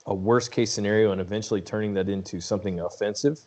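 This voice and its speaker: A man's voice: lowish voice, fairly even intonation, fast, darkish tone. A middle-aged man hosting a podcast interview, chatting in an easygoing, rambling way. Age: late 30s or older. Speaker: podcast host. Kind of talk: casual interview chat.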